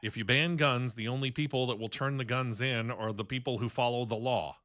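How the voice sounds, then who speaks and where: Man, radio host, studio, casual sports talk, opinionated, bright tone. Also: medium pitch, steady tone, brisk. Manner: opinionated, chatty news rundown.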